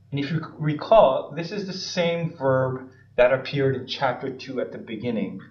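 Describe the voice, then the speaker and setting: Man lecturing, far off in a roomy space. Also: mid-range voice. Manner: checks in with frequent "right?" and "okay?"; unhurried, with filler ums and uhs. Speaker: seminary lecturer. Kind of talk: Bible study lecture. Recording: roomy, distant, slightly dull lecture recording.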